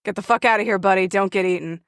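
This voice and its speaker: A woman's voice: medium pitch, quick pace, dry recording, natural voice. A woman voicing a brash, foul-mouthed female adventurer in a tabletop game, swearing defiantly, recorded dry and close. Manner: crude, defiant.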